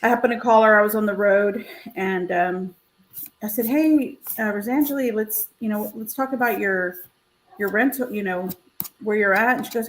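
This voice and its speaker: Woman realtor, storytelling, animated quoted voices, video call, middle pitch. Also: moderate pace, slight background noise, low-quality recording. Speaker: realtor and co-host. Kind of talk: casual storytelling on a live stream.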